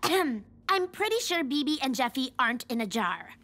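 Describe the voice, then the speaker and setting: A woman voicing a young cartoon sea captain who leads her crew in a brisk, take-charge way. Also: sits high, sing-song, background noise. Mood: puzzled.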